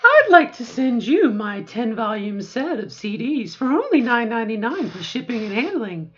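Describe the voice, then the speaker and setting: A woman's voice: very animated, moderate pace, dull audio, slight background noise. A woman doing a pushy hard-sell voice coach. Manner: hard-sell pitch, overpromising. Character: pushy male voice-coaching huckster selling CDs.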